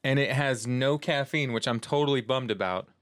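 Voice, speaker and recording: A man's voice: mid-range voice, moderate pace, a bit bright. Brash crude-joking man on a podcast. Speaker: podcast guest. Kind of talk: casual podcast chat.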